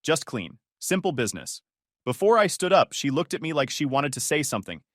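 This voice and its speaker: A man narrating a first-person story in a calm, measured, matter-of-fact way. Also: a little high, dry recording, clean studio sound.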